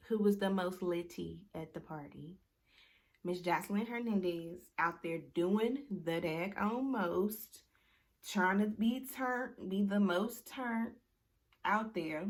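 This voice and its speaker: A young woman talks through a reality TV episode in loose, slangy casual chat. Her voice sits a little low, and she keeps the story moving with animated asides. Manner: slangy, animated storytelling with frequent "like" and "you know". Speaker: reality TV recap commentator.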